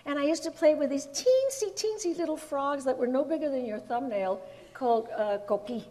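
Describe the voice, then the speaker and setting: An older woman from Puerto Rico, a guest telling lively stories in an interview and laughing often. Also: high-pitched, brisk. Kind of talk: anecdotal storytelling in an interview.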